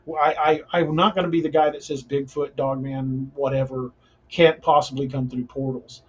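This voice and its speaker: Male podcast host, husky, rambling and earnest, muffled lo-fi sound. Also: mid-range voice, steady tone, moderate pace. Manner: rambling, frequent restarts, earnest. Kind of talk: casual paranormal podcast chat.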